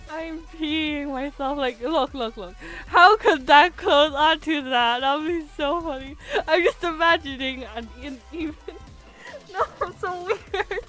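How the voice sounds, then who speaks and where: High-voiced woman streamer, chatty. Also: unhurried, fairly bright tone, faint music behind. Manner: chatty, self-mocking, bursts into laughs and squeals. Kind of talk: casual game-stream commentary.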